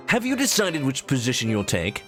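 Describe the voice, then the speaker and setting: A man's voice: medium pitch, wildly swooping pitch, a little fast, a bit bright, soft background music. A man voicing a pompous, condescending aristocratic male pigeon student council president in a dating game. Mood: haughty. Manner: haughty, condescending. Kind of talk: reading game dialogue aloud.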